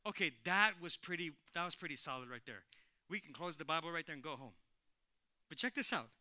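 A male pastor giving a lively sermon in church, repeating phrases and calling out to the congregation. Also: fairly high pitch, fairly quick, dry recording, clean studio sound. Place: church sanctuary.

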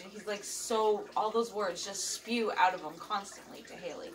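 Recorded on a far-off mic over the sound of running water, a middle-aged woman vlogs in a chatty, rambling way, often saying um and uh. She speaks at a normal pace in a mid-range voice.

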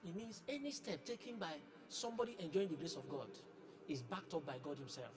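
A male pastor delivers a sermon with live testimony questioning, preaching emphatically and repeating words for stress. He sounds slightly high with lively intonation and a slightly quick pace, recorded in a noisy, echoing church hall.

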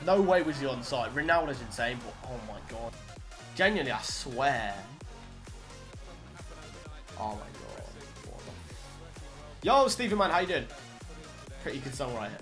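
A young man giving excitable live commentary over his own gameplay, swearing and shouting at the game. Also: mid-range voice, a little fast, faint music behind. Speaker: gaming YouTuber.

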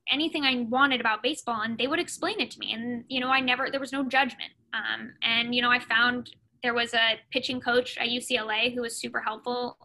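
A young woman, a sports agent appearing as a podcast guest, chats casually in an interview, filling her speech with "you know" and "like." Her voice is a little high, pushed and bright, and the recording quality is low.

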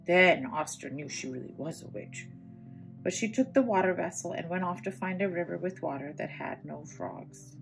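Woman storyteller, gravelly, children's read-aloud with soft music behind. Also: lowish voice, normal speed. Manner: gentle, with asides to young listeners.

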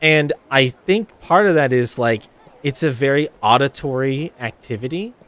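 A man's voice: mid-range voice, lively intonation, moderate pace, fairly bright tone. A man streaming a video game, giving casual commentary while thinking aloud and correcting himself. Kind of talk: casual let's-play commentary.

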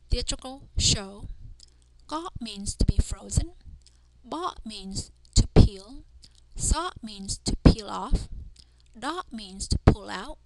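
A woman's voice: on the high side, a little mellow, low-quality recording. A woman teaching a language lesson, carefully sounding out letters and words one at a time. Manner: careful, deliberate pronunciation of drilled sounds. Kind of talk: slow instructional language lesson. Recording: noticeable background noise.

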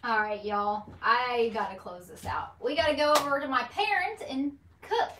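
A woman's voice: a little high, normal speed, distant mic. A woman hosting a casual live-stream vlog, chatting in a bubbly, talkative way and addressing viewers as "y'all.". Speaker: beauty vlogger host. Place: indoor room at home. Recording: echoey room, voice off-mic, faint hiss.

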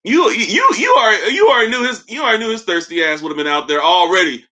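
A man with a fairly high, bright voice hosts a livestream, roasting people with loose, jokey trash talk. He talks casually and breaks easily into laughter. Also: big pitch swings, fast talker. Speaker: livestream host.

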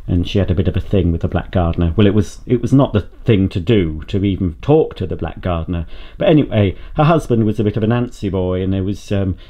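A man's voice: low voice, warm tone, lo-fi sound. A man vlogging from home, talking casually and rambling to the camera with enthusiastic asides. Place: home, indoors.

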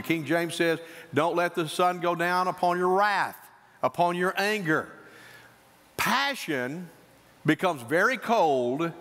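A male pastor preaching a sermon, swinging between emphatic high points and quieter asides. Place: church sanctuary. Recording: church hall reverb.

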